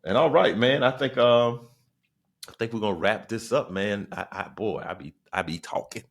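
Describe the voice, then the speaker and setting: A man in his forties from South Carolina with a Southern accent, a stand-up comic hosting a podcast in a loose, slangy, animated monologue. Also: fairly low pitch, normal speed, creaky. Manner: animated, slangy, repeats phrases. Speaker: podcast host, stand-up comedian.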